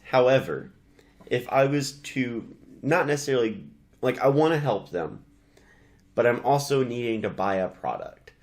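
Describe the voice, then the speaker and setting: A man's voice: medium pitch, expressive, normal speed. A young man hosting a podcast, chatting casually and rambling through a funny story. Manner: rambling, self-promoting, storytelling. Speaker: podcast host. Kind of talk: casual chat.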